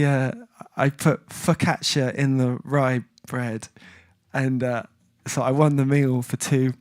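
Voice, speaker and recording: A man's voice: medium pitch, no echo, clean studio sound. A man hosting a music livestream, chatting casually and reading viewer comments. He rambles, breaks off and restarts as he tells a story. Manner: rambling, self-interrupting storyteller.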